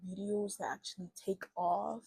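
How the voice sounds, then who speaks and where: A woman's voice: mid-range voice, steady tone, moderate pace, creaky, warm tone, breathy edge, no echo, low-quality recording. A young woman YouTuber talking in a rambling, conversational way to her channel. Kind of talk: casual vlog talk.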